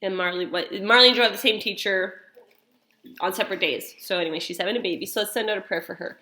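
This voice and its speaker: Woman, 30s-40s, church mom, casual storyteller, bright crisp voice, filler-heavy delivery. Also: medium pitch, fast. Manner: chatty, rambling, full of fillers and restarts. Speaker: mother leading a church welcome and prayer. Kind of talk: casual storytelling and spoken prayer.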